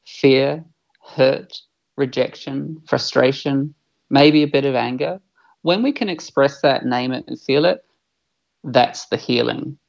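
A man's voice: medium pitch, takes it slowly, vocal fry, muffled recording. A man, an earnest and reflective podcast guest who swears freely. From New Zealand. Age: 40s. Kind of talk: podcast conversation.

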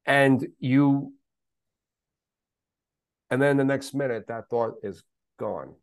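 Speaking slowly in a creaky yet clear, resonant medium-pitched voice, a middle-aged podcast guest who is a special needs father talks candidly and emphatically. The interview is conversational, with repetition and occasional swearing, and there's no echo.

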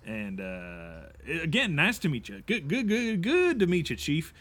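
A man's voice: fairly high pitch, huge pitch swings, unhurried, a bit bright, full character voice. A man playing a bumbling folksy farm boy. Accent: rural Midwestern put-on. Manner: stammering, rambling, goofy. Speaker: improv comedy performer. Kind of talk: improvised comedy role-play.

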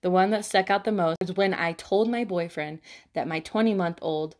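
This young podcast co-host has a fairly low voice and a moderate pace. She reads out listener stories in relaxed conversation, giggling frequently and scattering "like" throughout.

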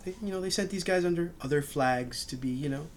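A man's voice: fairly high pitch, fairly quick, a little hiss or hum. A man in a casual book discussion, explaining history at length, often restarting his sentences. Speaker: book club member.

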